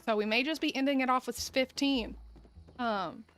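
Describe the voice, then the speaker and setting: This gaming streamer's voice sits high and a bit bright, at a normal speed. She chats casually through her game, rambling, laughing frequently and speaking to viewers.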